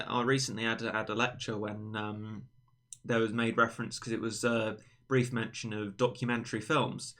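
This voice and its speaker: A man's voice: mid-range voice, sharp tone. A young man hosting a casual livestream chat, rambling and teasing his friend in a playful way. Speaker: livestream host.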